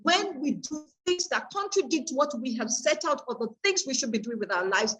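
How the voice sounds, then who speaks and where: A woman's voice: high-pitched, expressive, normal speed, poor audio. A woman giving an earnest, faith-based teaching talk on peer pressure, asking her audience rhetorical questions. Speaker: course speaker on peer pressure.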